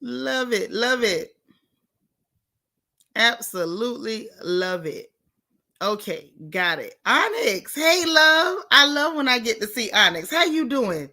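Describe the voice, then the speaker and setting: Bright, high-voiced woman streamer. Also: slow pace. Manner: animated, greets chat by name. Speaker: livestream host. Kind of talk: casual livestream chat greeting viewers. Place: home in Texas.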